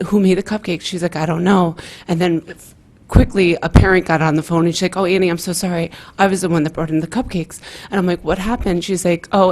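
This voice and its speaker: Lower-voiced woman telling a parent's story. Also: darkish tone. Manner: emotional, retelling a story with quoted dialogue. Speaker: public commenter, parent. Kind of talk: public comment at a meeting.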